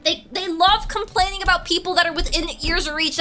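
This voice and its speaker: A woman's voice: very high-pitched, fairly even intonation, a little fast, hardly any pauses, bright, forceful tone, faint music behind. A young adult woman streamer telling a gossipy story in casual chat, laughing often and answering her chat.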